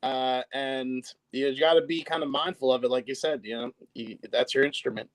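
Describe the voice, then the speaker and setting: A man's voice: medium pitch, steady tone, moderate pace, poor audio. A young man, a singer, answering interview questions in an easygoing way with lots of fillers. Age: young adult. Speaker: singer and guest.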